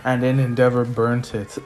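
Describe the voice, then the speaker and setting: A man's voice: mid-range voice, a little hiss or hum. A man casually telling a fan-made story, rambling, with many fillers and restarts.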